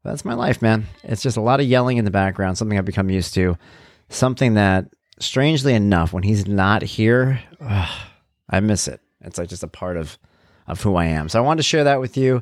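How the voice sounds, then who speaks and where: A middle-aged man hosting his own podcast from home, talking in a relaxed, chatty monologue. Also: fairly low pitch, a little fast, dry recording, clean studio sound. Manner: relaxed, conversational, chatty asides. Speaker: podcast host. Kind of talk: casual personal monologue. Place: home room.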